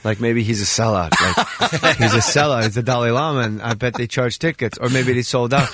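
A man's voice: brisk, dry recording. Dry-voiced man telling comic stories. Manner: animated, acts out quoted voices with big pitch swings. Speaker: guest comedian. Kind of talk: comedic storytelling on a podcast.

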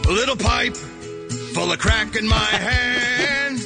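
A man singing as a sloppy, boastful, drunken mayor in a comic stage-musical parody. The voice sits high and drags along very slowly, almost slurring. Loud backing music pounds under every line.

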